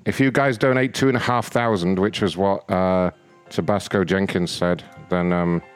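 A man hosts a loose, joking live show. His voice sits low and comes out smooth and clear. He sounds exasperated as he trades quips, with soft music playing faintly behind him. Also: fairly even intonation, normal speed. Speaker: host. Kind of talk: casual banter on a live show.

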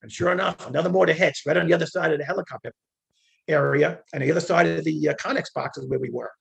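An older man telling war stories as an interview guest, animated, acting out quoted dialogue with many fillers. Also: fairly high pitch, fast, vocal fry, breathy edge. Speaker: interview guest, retired federal agent. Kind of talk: conversational storytelling.

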